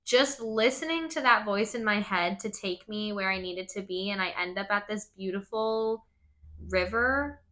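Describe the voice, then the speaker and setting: Woman, bright tone, podcast host, casual personal storytelling, swears, filler-heavy. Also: medium pitch, moderate pace. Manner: open and emotional in the telling.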